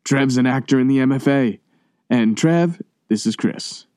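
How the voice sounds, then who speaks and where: A brash, crude young acting teacher in an audiobook, boastful and loud, as a male reader voices him. His voice is mellow and dark, close and dry on the mic. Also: medium pitch, measured pace, dry recording, natural voice. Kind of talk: audiobook reading.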